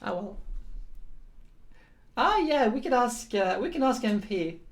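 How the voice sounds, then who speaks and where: A woman's voice: on the high side, sing-song, a little slow. Rambling woman commenting on a game. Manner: rambling, filler-heavy, self-deprecating asides. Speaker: game streamer.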